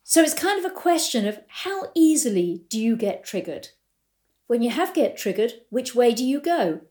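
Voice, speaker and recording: A woman's voice: on the high side, dark tone. A middle-aged woman, a riding coach, explaining ideas in a storytelling way and acting out the exchanges she quotes. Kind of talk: explanatory talk with anecdotes.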